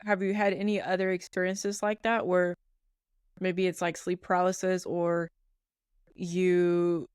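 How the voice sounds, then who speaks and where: A woman podcast co-host chatting casually, relaxed and thoughtful, often trailing off mid-sentence. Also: on the low side, a little slow, clear, resonant tone, dry recording, clean studio sound. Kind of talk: casual chat.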